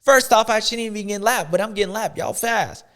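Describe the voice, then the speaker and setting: A man's voice: high-pitched, fast talker, a bit bright. A man hosting a show, giving playful, slangy, rambling sports commentary. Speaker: show host.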